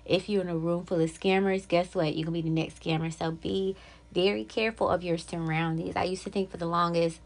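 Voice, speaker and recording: A woman's voice: on the low side, fairly even intonation, brisk. Woman doing a casual solo podcast, chatty upbeat host talking to her listeners.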